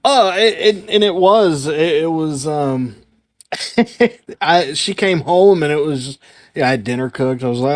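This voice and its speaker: A young man as a podcast guest, telling a story in animated casual chat with many restarts. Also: a little high, a little slow, no echo. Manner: animated storyteller, repeats words as he talks.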